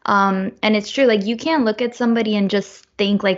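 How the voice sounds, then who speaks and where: Woman podcast host, mid-pitched, relaxed chatter, dull sound. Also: brisk. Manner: relaxed, uses lots of "like" fillers. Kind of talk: casual interview chat. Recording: dull lo-fi audio.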